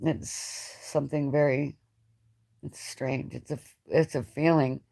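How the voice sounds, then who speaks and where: Low-voiced grieving woman, rambling. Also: steady tone, vocal fry, warm tone. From United States. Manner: emotional, rambling, halting speech with many restarts. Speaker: channel host. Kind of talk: live-stream chat with a guest.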